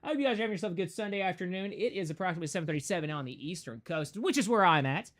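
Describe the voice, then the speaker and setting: Racing along in a high pitch, a man streaming a game speaks with casual emphasis, delivering lively, animated preaching and breaking into mocking voices.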